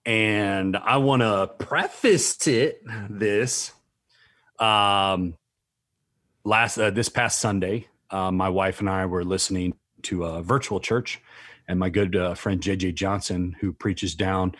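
A man's voice: deep voice, takes it slowly, a bit bright, dry recording, studio quality. A middle-aged man co-hosting a casual chat, playful and teasing, with emphatic bursts. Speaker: podcast co-host.

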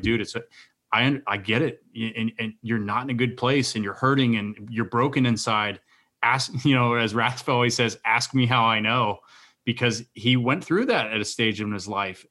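A man, a military veteran, earnestly telling a personal story as a podcast guest, halting and restarting often. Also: medium pitch, pushed and bright.

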